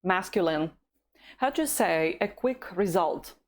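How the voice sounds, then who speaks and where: A woman from Russia with a Russian accent, teaching a language lesson with patient, deliberate repeat-after-me drills. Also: lowish voice, expressive. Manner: patient, deliberate, pauses for learners to answer.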